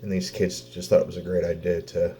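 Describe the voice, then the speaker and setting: A man's voice: sits low, little pitch movement, warm tone, a little hiss or hum. A man, a father venting in a personal vlog, blunt and swearing, close to tears. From Oklahoma. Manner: blunt, heavy swearing, halting pauses. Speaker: vlogger, father.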